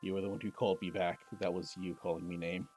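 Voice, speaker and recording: A man voicing a spirited young woman adventurer in a text-based game, raising his voice high and loud. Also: flat delivery, fast, faint music behind, natural voice. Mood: gentle. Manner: raised and high-pitched, urgent.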